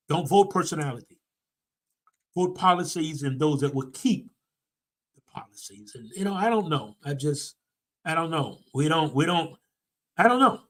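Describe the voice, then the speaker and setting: A man preaching to a congregation, emphatic, swinging his pitch for emphasis and repeating key phrases. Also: fairly bright tone, breathy edge. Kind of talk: sermon-style commentary.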